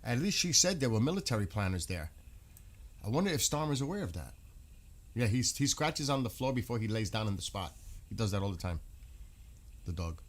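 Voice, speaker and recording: A man's voice: on the low side, sing-song, fairly quick, long pauses. Indignant man commenting on the news. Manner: indignant, fires off rhetorical questions. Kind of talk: casual live commentary on news clips.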